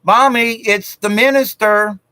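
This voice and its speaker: A man voicing a blunt little girl, speaking slowly in a raised childish tone. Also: sits high, fairly even intonation, bright, forceful tone, dry recording, voice pushed up. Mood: innocent.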